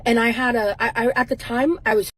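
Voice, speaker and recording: A woman's voice: on the high side, steady tone, a little fast, a bit bright, husky, rough recording. A woman telling a personal story in a vlog, rambling, with many restarts. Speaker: vlogger in a clip.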